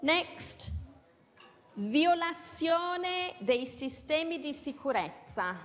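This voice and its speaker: A woman's voice: sits high, expressive, takes it slowly, fairly bright tone. A woman teaching an English class in a classroom and leading a dictation, patiently repeating each word twice. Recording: dull lo-fi sound with long room reverb.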